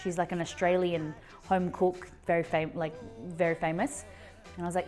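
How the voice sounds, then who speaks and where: A woman's voice: lowish voice, level tone, moderate pace, a little mellow, faint music behind. A woman hosting a live cooking stream from her kitchen. She chats casually and rambles, with lots of fillers and restarts. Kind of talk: casual chat while cooking. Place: home kitchen.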